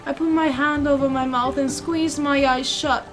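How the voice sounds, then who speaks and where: Gaming lady reading the story out loud, pretty high voice, lots of feeling, game music in the back. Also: moderate pace, few pauses. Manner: expressive, emotional reading. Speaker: gaming channel host. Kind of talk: reading game text aloud.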